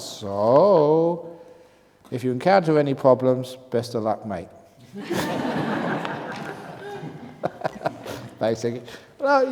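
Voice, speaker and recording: A man's voice: sits high, dark tone. A man, a Buddhist monk teacher, answers retreat questions in a humorous talk, reading written questions aloud and chuckling often. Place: retreat meditation hall. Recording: reverberant hall with faint noise.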